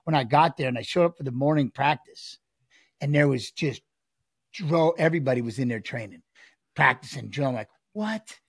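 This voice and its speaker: A man's voice: medium pitch, a little fast, gravelly, husky, dry recording, clean studio sound. A man telling stories in casual chat, acting out what people said. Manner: animated, acts out quotes from his stories. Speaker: guest. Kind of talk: casual storytelling.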